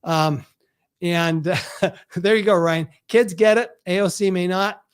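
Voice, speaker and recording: A man with a high-pitched voice hosts his book launch live online. He talks earnestly and responds to viewer comments as they come in, heard through a video call setup. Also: takes it slowly, clear, resonant tone.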